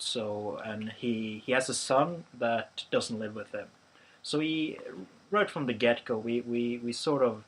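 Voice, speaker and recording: A Norwegian man hosting a podcast, reviewing a film in casual chat, halting with many fillers and restarts. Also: mid-range voice, breathy edge. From Norway. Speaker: podcast host.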